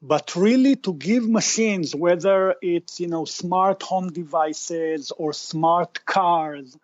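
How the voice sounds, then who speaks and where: A man's voice: sits high, takes it slowly, dry recording, dull audio. A man guest on a podcast interview, explaining his technology patiently, often restarting and repeating words as he searches for phrasing. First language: Hebrew. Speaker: tech company founder guest.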